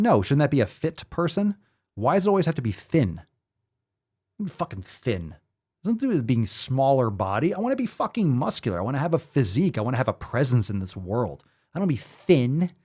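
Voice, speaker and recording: A male fitness host in full rant mode, swearing freely and firing off incredulous rhetorical questions. His pitch swings all over the place as he talks, sitting at an ordinary middle height. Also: a little mellow. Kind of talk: ranting commentary.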